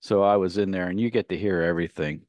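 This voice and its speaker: A man with a low voice co-hosting a talk radio show, drifting through long anecdotes and chuckling at his own punchlines. His voice sits close and dry on a studio microphone, with no room sound behind it. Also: fast talker, a little mellow, no room sound. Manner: rambling anecdotal storyteller, laughs at his own stories. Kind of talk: casual radio banter.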